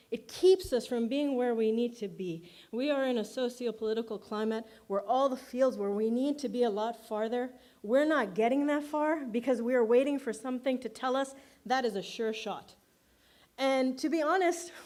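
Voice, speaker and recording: A woman with a somewhat high voice gives an award acceptance speech. She talks in a loose, chatty way, full of filler words, and laughs at herself often. Her tone is self-deprecating.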